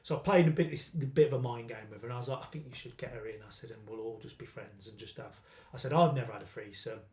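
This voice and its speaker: A man's voice: mid-range voice, fast, darkish tone. A British man on a comedy podcast, telling a crude story in casual banter and acting out the quoted lines. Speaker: podcast host. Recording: echoey room.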